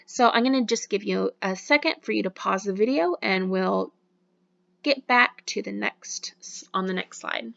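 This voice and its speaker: A woman's voice: mid-range voice, moderate pace, vocal fry, a bit bright, dull audio. A woman giving a recorded university lecture on voice and diction, explaining with frequent fillers.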